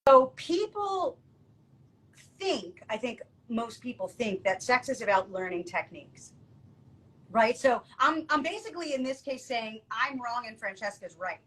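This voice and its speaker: Husky, lively woman telling a story. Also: a little high, a little slow, low-quality recording. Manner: lively, acts out quotes, laughs often. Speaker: podcast co-host. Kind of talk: casual storytelling chat.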